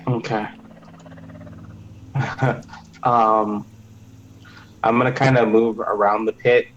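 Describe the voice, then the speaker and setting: A man's voice: lowish voice, flat delivery, takes it slowly, lo-fi sound, slight background noise. A man playing a tabletop game, talking in a hesitant way full of fillers. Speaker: player. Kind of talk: casual tabletop play.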